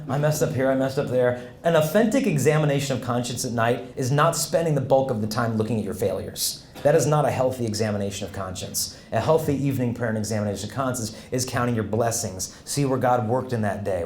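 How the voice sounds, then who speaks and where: A man's voice: mid-range voice, fast talker, few pauses, a little mellow, roomy sound, a little hiss or hum. A man giving a humorous faith talk to students, telling stories with voiced quotes and laughter. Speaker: Catholic speaker. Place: large hall with audience.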